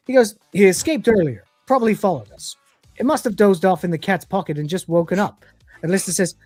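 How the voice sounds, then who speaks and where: A woman's voice: medium pitch, expressive, normal speed, darkish tone, breathy edge, no room sound, soft background music. A woman co-hosting a casual livestream review, retelling scenes and acting out the characters' lines with put-on voices. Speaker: podcast co-host reviewing episodes.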